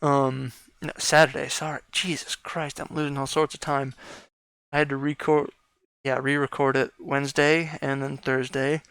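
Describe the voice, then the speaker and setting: A man's voice: mid-range voice, flat delivery, moderate pace, gravelly, fairly bright tone, clear, resonant tone, no room sound. A tired man, a gaming YouTuber, rambling and tongue-tied through a casual video outro full of fillers. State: tired after work.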